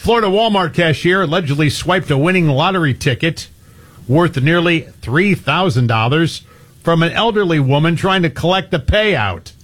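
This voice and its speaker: Man, radio co-host, husky voice, wry, casual banter. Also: fairly high pitch, expressive, moderate pace, fairly bright tone. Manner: wry, reads news stories aloud with asides.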